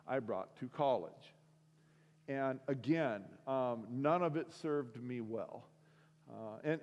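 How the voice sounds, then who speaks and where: A middle-aged man from the Seattle area gives a sermon as a relaxed, self-mocking storyteller who uses many fillers. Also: medium pitch. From Seattle area, USA. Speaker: week of prayer speaker. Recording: long hall reverb.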